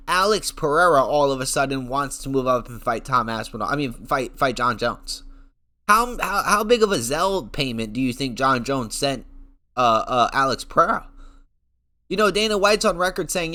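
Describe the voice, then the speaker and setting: Young guy ranting hard about mma, slangy and heated, bright forceful voice. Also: medium pitch, animated, normal speed. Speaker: MMA commentary vlogger. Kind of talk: ranting fight commentary.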